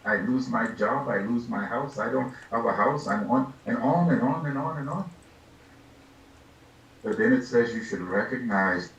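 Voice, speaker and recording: An older man, a Buddhist lama, giving an unhurried, reflective dharma talk, laughing softly and acting out little scenes as he teaches. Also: mid-range voice, a little hiss or hum. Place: meditation hall. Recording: echoey room, distant mic, faint ambience.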